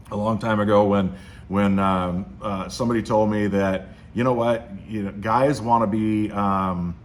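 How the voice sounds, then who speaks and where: A man's voice: on the low side, a little hiss or hum. A man hosting a casual motivational monologue, rambling with frequent restarts. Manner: rambling, with many restarts and fillers. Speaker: host.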